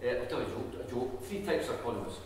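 A Scottish man gives a chatty, self-deprecating talk and slips in quick jokes. He sounds a bit tired. He is picked up from far off in a big hall with a long, echoing reverb. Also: medium pitch, lively intonation, a little hiss or hum. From Scottish Highlands. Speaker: think tank chief executive speaker. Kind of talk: public talk at a community event. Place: large echoey hall. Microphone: distant room mic. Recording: echoey hall, speaker far from mic.

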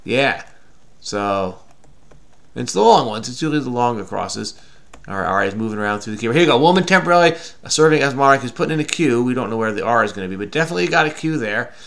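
A man's voice: medium pitch, expressive, fast, vocal fry, fairly bright tone. A man hosting a casual crossword solve with a child, teasing playfully and patiently explaining the clues. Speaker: crossword solving host. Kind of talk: casual puzzle-solving chat with a child.

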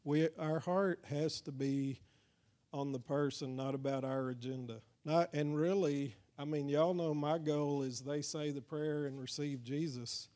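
A man's voice: fairly high pitch, steady tone, unhurried, mellow. A man with a Texas accent giving an evangelism training talk in a church, speaking conversationally and often asking the crowd "amen?". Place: church hall.

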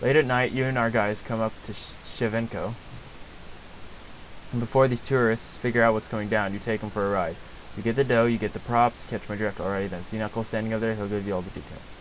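A man voicing a swaggering male bandit boss in a game, with a low tough-guy drawl full of slang. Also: fairly even intonation, fairly quick, a little hiss or hum, lightly acted, low-quality recording. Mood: menacing.

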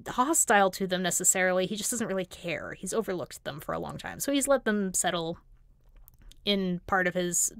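A woman retells fantasy lore on a casual livestream, animated and wry as she goes. Her voice sits at an ordinary middle pitch. The sound is dry and close, with little room around it. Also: clean tone, no echo. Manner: animated storytelling, wry asides. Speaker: guest lore commentator.

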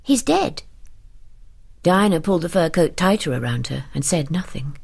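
A woman narrating an audiobook for sleep, softly and at times in a whisper. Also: low-pitched, brisk, vocal fry, breathy edge. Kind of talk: calm audiobook reading for sleep.

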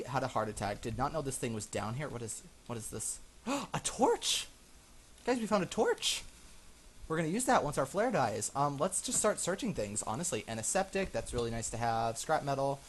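A gaming channel host narrates a survival game while playing, chatting to his viewers and gasping and exclaiming because he startles easily. His medium-pitched voice is lively in intonation and a little fast, with slight hiss or hum.

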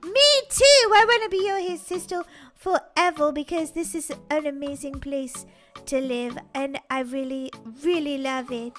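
Woman doing an excitable girl, gushing, very high, bright, children's music behind. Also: measured pace. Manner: gushing, over-the-top enthusiastic. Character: bubbly excitable young girl who cries when happy. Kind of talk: game role-play voice acting. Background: children's background music.

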